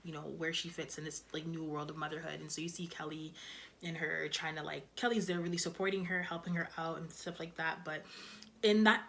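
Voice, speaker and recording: A woman's voice: low voice, steady tone, fairly quick, gravelly, a bit bright, slight background noise. A young woman casually reviewing TV episodes, talking loosely with lots of "like" and "you know". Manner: chatty, loose, heavy on fillers like "like" and "you know". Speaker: TV show reviewer.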